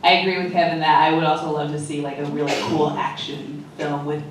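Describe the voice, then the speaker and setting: Low-voiced woman answering on a stage panel. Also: level tone, a little fast, far from the mic, a little hiss or hum. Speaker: actress on a premiere panel. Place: large festival theater. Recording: echoey hall, mic heard from afar.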